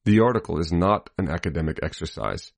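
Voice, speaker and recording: A man reading a scripted political commentary in a measured, deliberate way, marking each quotation aloud. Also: low-pitched, expressive, vocal fry, no echo. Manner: spells out quotation marks.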